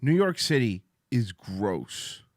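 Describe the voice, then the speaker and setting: A man rambles through a casual livestream chat, excitable and profane, wired on coffee. His pitch swings widely as he talks, and the sound is dry and close. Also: slow pace, no room sound. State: amped up on coffee. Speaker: podcast host.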